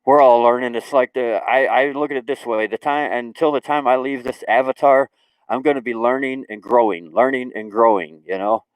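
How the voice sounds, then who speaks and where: A young man hosting a casual spiritual livestream, rambling and repeating words, with lively asides and laughs. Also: medium pitch, normal speed, smooth, no room sound, rough recording. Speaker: livestream host.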